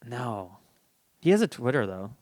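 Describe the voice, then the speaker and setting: A man's voice: medium pitch, big pitch swings, measured pace, a little mellow, no room sound, clean studio sound. A young man hosting a casual podcast chat, rambling through stories and laughing often. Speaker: podcast host.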